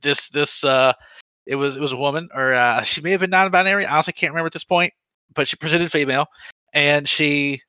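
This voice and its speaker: A Southern-accented man chatting on a podcast with a bright, sharp voice pitched a little high. He jokes, swears and pokes fun at himself. The recording is dry and dull, a bit lo-fi. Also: fast, clear, resonant tone, no echo. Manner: joking, swearing, self-deprecating. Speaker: podcast co-host. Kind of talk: casual chat.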